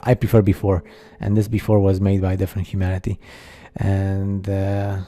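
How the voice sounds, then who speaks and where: Dark-voiced man, halting skeptical narration. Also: fairly low pitch. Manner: halting, many fillers and restarts, skeptical asides. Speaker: narrator of a slideshow video. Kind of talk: casual voice-over commentary.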